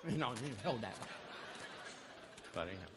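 A man's voice: fairly low pitch, normal speed, very noisy. Folksy man telling stories on stage. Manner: folksy, animated, acts out voices of others. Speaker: Christian comedian. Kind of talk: live stand-up storytelling. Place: church hall with a live audience.

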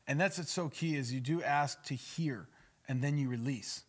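Male pastor, mid-range voice, talks emphatically in a relaxed podcast chat. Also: mid-range voice, moderate pace. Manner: emphatic, acts out spoken prayers. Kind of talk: conversational podcast teaching.

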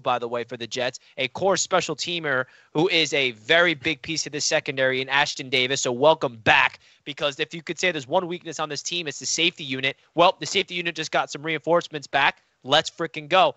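A man's voice: fairly high pitch, pushed and bright, no room sound, highs cut off. A man co-hosting a casual sports debate, boastful and teasing as he argues for his team. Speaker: sports podcast co-host, Jets fan.

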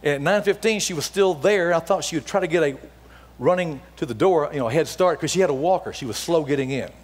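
A middle-aged man giving a storytelling sermon as a guest speaker, acting out the dialogue as he tells it before softening to a hushed appeal. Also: fairly high pitch, quick pace, breathy edge. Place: church sanctuary. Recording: long hall reverb in a church.

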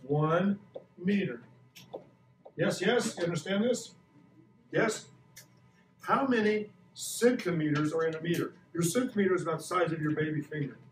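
A man in his sixties teaching a science lesson to a class, playful and quizzing the kids. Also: high voice. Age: 60s. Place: school classroom. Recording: echoey classroom from far off.

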